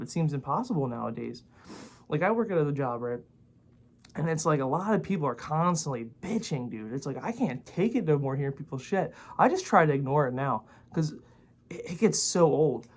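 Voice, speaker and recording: A man in his twenties ranting casually to the camera, rambling and blunt, swearing often and filling his talk with "like". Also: a little high. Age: 20s. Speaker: vlogger.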